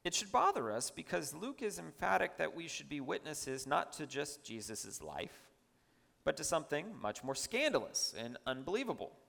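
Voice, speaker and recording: A man's voice: on the high side, sing-song, normal speed, vocal fry, a bit bright, big-room sound. A man preaching a sermon in a church, emphatic and chatty, with asides to the congregation.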